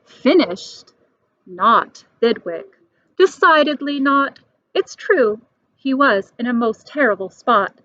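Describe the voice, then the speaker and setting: A woman reading a rhyming storybook aloud in a lively, animated way. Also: on the high side, takes it slowly, no echo. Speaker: storybook reader. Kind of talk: expressive storybook read-aloud. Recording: dull dry recording.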